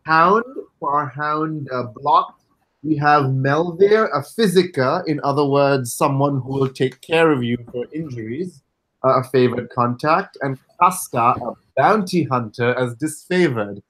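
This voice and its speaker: A man running a tabletop game as game master, who explains character setup in an unhurried, wry way with many fillers. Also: mid-range voice, fairly bright tone, low-quality recording.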